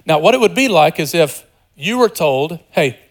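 A pastor preaching a sermon in an animated, conversational way, joking with the congregation and dropping to a hushed voice for quieter passages. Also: male voice, a little high, moderate pace. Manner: animated, swings between loud emphasis and hushed, softer passages.

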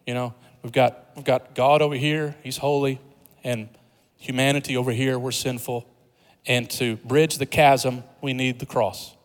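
Man preaching in a reverberant hall. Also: medium pitch. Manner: conversational preaching with humor, building to emphatic rises. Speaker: pastor. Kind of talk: sermon.

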